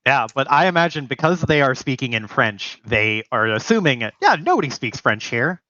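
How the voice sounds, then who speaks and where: A man's voice: medium pitch, normal speed, no room sound, lo-fi sound. A man running a tabletop role-playing game, narrating scenes loosely with lots of fillers and voicing side characters. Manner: relaxed, filler-heavy narration. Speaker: game master.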